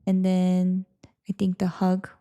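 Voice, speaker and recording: Soft, gravelly-voiced woman chatting. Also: fairly low pitch, monotone, slow. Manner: soft-spoken, often trails into whispers. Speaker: podcast co-host. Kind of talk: casual couple's chat.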